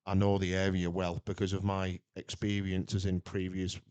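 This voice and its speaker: Deep-voiced chatty man. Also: moderate pace, clear, resonant tone, no room sound, muffled recording. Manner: rambling, animated, chatty. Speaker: podcast co-host. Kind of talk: casual chat. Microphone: podcast mic up close.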